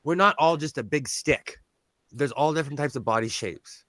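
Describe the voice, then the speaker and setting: A man's voice: a little high, moderate pace, bright, forceful tone, no room sound. A man hosting a casual chat, rambling and self-deprecating. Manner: rambling, self-deprecating, many fillers and restarts. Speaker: host. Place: home sewing room. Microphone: on-camera shotgun mic.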